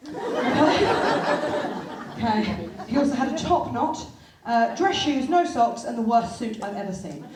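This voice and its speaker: A woman in her thirties doing stand-up on stage, telling a self-deprecating story with a lively voice that jumps up and down in pitch. She sits a little above the usual woman's pitch. She is heard from a distance in an echoey venue, with a crowd laughing loudly and steady noise underneath. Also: unhurried. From England. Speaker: stand-up comedian. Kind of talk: stand-up comedy set. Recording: live theatre, far mic, crowd laughter.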